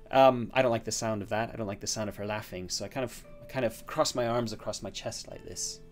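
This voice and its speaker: A man's voice: lowish voice, quick pace, hardly any pauses, soft background music. A man narrating his own solo tabletop role-playing game, thinking aloud with many fillers and restarts. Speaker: solo game master and player.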